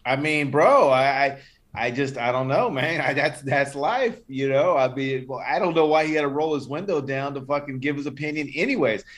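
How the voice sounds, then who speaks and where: A man's voice: mid-range voice, normal speed, a bit bright. A man with a mid-range voice co-hosting a podcast. He talks bluntly and loosely, peppering everything with slang and swearing, in an easygoing back-and-forth. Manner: blunt, profane, slang-heavy talk. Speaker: podcast co-host. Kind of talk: casual chat.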